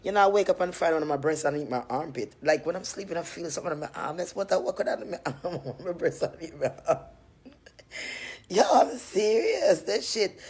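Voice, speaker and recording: A woman's voice: on the low side, a little fast, slightly rough. A woman talking casually on a phone live stream from home, telling rambling stories and laughing often. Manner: chatty, laughs often, animated storytelling. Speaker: cream seller on a live stream. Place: at home, just out of bed.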